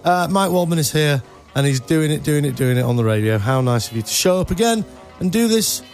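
A man's voice: a little high, expressive, fairly quick, darkish tone, soft background music. A man hosting a radio show in casual chat, telling rambling stories and laughing at his own jokes. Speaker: radio host. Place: radio studio.

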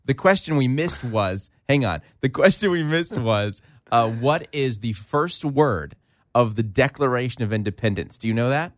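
A man's voice: medium pitch, expressive, normal speed, no room sound. Chatty male radio host, dry sound. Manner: chatty storyteller, laughs often. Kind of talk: casual chat.

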